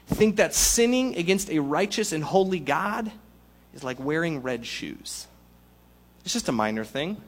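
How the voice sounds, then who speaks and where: A man preaching a sermon in a lively, conversational way with playful asides. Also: high-pitched. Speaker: pastor.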